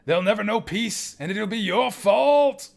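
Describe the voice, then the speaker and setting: A man's voice: fairly high pitch, sing-song, unhurried, creaky, a bit bright, slightly rough, pitched above the performer's own voice, exaggerated voice. A man voicing a defeated outlaw villain who screams threats and begs to be killed, reading video game dialogue aloud. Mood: furious. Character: vengeful outlaw leader, adult man, defeated and raging.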